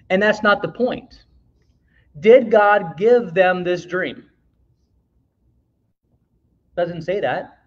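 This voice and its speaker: High-voiced man teaching a Bible class. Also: lo-fi sound. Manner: reads scripture aloud, asks the class questions, jokes. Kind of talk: conversational Bible lesson.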